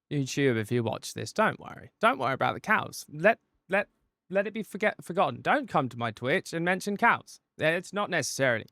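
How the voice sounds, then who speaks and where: A man's voice: on the high side, very animated, fairly quick, sharp tone, no room sound, clean studio sound. A man streaming a reaction video, chatting casually, stumbling over restarts and swearing freely. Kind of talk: casual chat.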